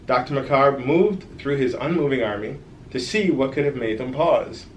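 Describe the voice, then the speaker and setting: Male storyteller, kids' read-aloud, lively with direct asides; echoey room, faint hiss. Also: medium pitch, normal speed. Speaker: author reading his own book. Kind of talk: reading a children's story aloud.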